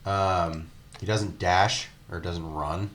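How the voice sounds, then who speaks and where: Deep-voiced rambling male podcaster. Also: steady tone, slow pace, fairly bright tone, a little hiss or hum. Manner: rambling, filler-heavy, laughs often. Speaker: podcast co-host. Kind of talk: casual gaming podcast chat.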